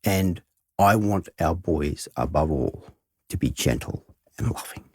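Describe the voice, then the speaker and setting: Middle-aged male school head, guest on a podcast. Deep, breathy voice, sincere and reflective storytelling. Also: lively intonation, measured pace, darkish tone, no room sound, studio quality. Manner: earnest, heartfelt, reflective.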